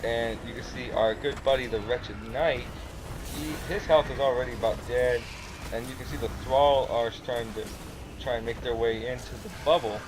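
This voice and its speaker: Male gamer voice-over, casual play-by-play, mid pitch, clear game sounds behind. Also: steady tone, normal speed, noisy background. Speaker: gamer, channel host. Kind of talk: gameplay commentary voice-over.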